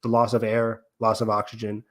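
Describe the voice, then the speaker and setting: A man's voice: on the low side, completely flat delivery, a little fast. A man hosting a podcast in casual discussion, thinking aloud and rambling with lots of fillers. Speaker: podcast host.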